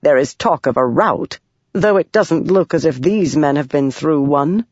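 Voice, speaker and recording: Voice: mid-range voice, animated, a little slow, no room sound. A narrator voicing a stern, proud older noblewoman in an audiobook, clipped and commanding. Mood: tense. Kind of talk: audiobook character voice. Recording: dry, dull lo-fi sound.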